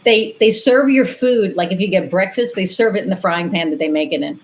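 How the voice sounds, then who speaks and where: A woman from New York hosting a podcast, telling stories in an animated, excitable way. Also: medium pitch, brisk, poor audio. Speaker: podcast host. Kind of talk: casual podcast conversation.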